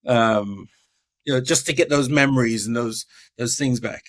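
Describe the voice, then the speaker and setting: A man's voice: mid-range voice, moderate pace. A middle-aged man, a podcast guest telling his life story and acting out the voices of the people in it. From England.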